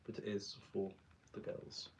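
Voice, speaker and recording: A man's voice: a little slow, darkish tone, slight background noise. A young man chatting casually while doing his drag makeup, rambling with self-mocking asides. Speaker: drag performer and vlogger.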